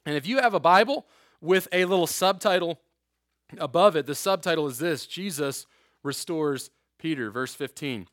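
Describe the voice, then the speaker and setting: A man with a slightly high voice gives a casual sermon to a youth group in a room. He reads scripture aloud and breaks in with joking asides. The sound is dry and close. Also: expressive, normal speed, fairly bright tone, no echo. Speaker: youth pastor.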